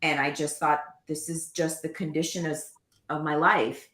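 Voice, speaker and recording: A woman with a notably low voice tells her story in an earnest, animated way, slipping into quoted dialogue as she goes. The sound is roomy and echoey around her. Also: moderate pace. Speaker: guest. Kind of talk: personal storytelling in conversation.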